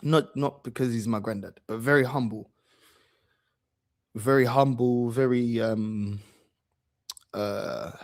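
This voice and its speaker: A man tells a story in relaxed chat, using plenty of slang. His voice sits in a middle pitch, and he keeps circling back to repeat his points. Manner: slangy, repeats phrases for emphasis. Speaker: football channel host.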